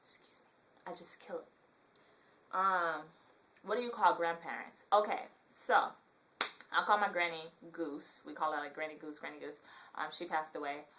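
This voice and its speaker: Rambling casually through her vlog with plenty of ums, a young woman from Southern California speaks in a congested, nasal voice with a Southern Californian accent. Her pitch is low and her pace moderate. The audio is low quality, with a little hiss or hum.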